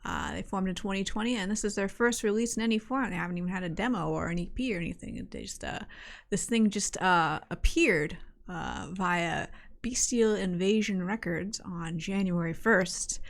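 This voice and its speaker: A woman's voice: medium pitch, moderate pace, creaky. A woman co-hosting a podcast, reviewing a metal album in casual, wry chat. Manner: chatty, wry, laughs often.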